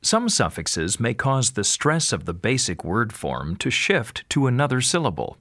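A man giving scripted instructions in a pronunciation lesson, slow and carefully enunciated. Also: mid-range voice, wildly swooping pitch, a bit bright, no room sound, clean studio sound.

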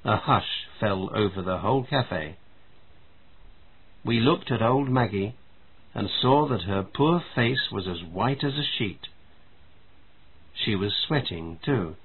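A man reading a story aloud in a slow, even storybook narration, on tinny phone-like audio. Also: lowish voice, husky. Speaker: story reader.

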